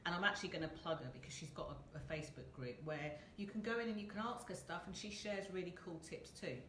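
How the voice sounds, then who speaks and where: A woman's voice: lowish voice, quick pace, fairly bright tone, echoey room, a little hiss or hum. A woman hosting a casual live video chat from a hotel room, chatty and rambling, laughing often. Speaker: host.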